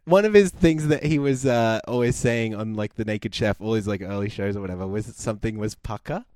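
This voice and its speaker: A man's voice: on the low side, fairly quick, a little mellow, no room sound, studio quality. A man co-hosting a podcast, recapping a reality show in a rambling, self-amused way with frequent laughs. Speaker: podcast co-host.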